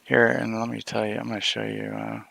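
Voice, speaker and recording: A man's voice: fairly low pitch, flat delivery, brisk, gravelly, a bit bright, dry recording. A man livestreaming in casual, rambling talk, often restarting his thoughts and cursing mildly, indoors at home.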